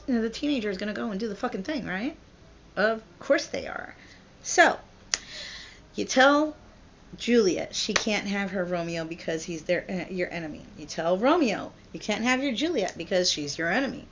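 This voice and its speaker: A woman's voice: mid-range voice, animated, normal speed, a little hiss or hum. A woman vlogger and parent retelling a classic story in a blunt, profane, chatty way, in a dull lo-fi recording.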